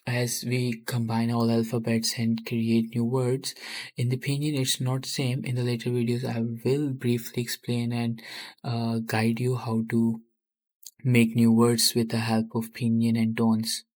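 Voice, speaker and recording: Monotone hesitant male language teacher. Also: mid-range voice. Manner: hesitant, frequent filler pauses. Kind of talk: narrated tutorial.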